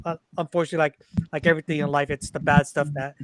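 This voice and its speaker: A man's voice: a little high, little pitch movement, rapid-fire, slight background noise. A man who co-hosts a podcast and served in the Navy, talking in a reflective, casual way with many fillers. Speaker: podcast co-host, Navy veteran. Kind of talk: casual conversation.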